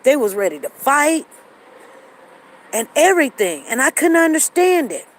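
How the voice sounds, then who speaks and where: A show host, a woman, chats through a story for her audience, frequently repeating herself and voicing the quoted lines of others. She talks at normal speed in a high, very animated voice. The recording quality is rough.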